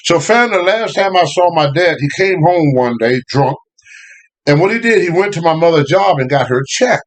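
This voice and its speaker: An older man, telling family stories in a casual, animated way, often laughing. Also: fairly high pitch, fairly quick. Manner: animated, laughing, Southern US phrasing. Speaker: guest storyteller. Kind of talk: casual storytelling.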